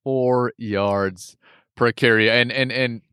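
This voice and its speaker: A man's voice: mid-range voice, fairly even intonation, slow, fairly bright tone, clean tone, no room sound, studio quality. A man co-hosting a casual sports talk show, speaking loosely with frequent hedges, restarts and light laughs. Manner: hedging, many "I mean" and restarts, laughs easily. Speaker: sports podcast co-host.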